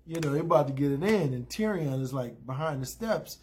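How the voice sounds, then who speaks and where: A man's voice: a little high, expressive, brisk, a little mellow. A man giving a casual, rambling spoken recap with many fillers and restarts. He drops in blunt opinions and briefly acts out characters' lines. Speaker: TV episode recapper.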